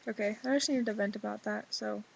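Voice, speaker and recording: Teen girl vlogger, sick, gravelly and flat, rambling confessional, faint hiss. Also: mid-range voice, fairly quick, dull audio. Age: teens. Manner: rambling, filler-heavy teen talk. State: sick, voice lower than usual. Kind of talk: reading a journal entry, then casual confessional chat.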